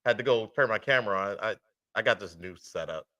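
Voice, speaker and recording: A man co-hosting a casual sports podcast on a webcam call, laid-back, laughing often and agreeing quickly. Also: lowish voice, bright, forceful tone. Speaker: podcast co-host. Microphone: webcam on video call.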